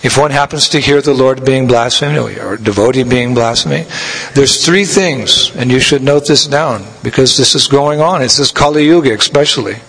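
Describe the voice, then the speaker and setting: A man giving a scripture lecture as a spiritual teacher, telling stories in a measured way and laughing now and then. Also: medium pitch, vocal fry, fairly bright tone. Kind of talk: sermon. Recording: long hall reverb.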